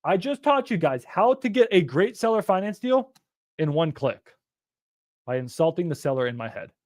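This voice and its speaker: A man teaching on a live stream in an energetic, rambling way, with some swearing. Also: on the high side, no room sound, studio quality. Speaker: real estate investor teaching on a live stream.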